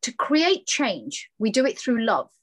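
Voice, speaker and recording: High-voiced, impassioned woman. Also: big pitch swings, unhurried. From London. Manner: impassioned, emphatic, acts out dialogue in quotes. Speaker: fashion brand founder, guest. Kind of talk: passionate interview talk.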